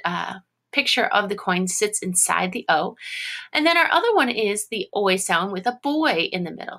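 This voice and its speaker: Bright-voiced woman teaching a phonics lesson. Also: medium pitch. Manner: encouraging, sounds out syllables slowly. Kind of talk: recorded phonics lesson for young students.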